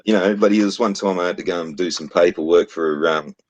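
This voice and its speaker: A man's voice: deep voice, fast, a little mellow. A man from Australia with an Australian accent, ranting bluntly and profanely in casual chat.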